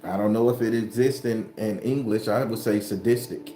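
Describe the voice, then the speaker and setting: A man's voice: fairly low pitch, fairly even intonation, normal speed, mellow, roomy sound. A man hosting a spiritual livestream, talking bluntly and profanely to his viewers in a casual, preachy way.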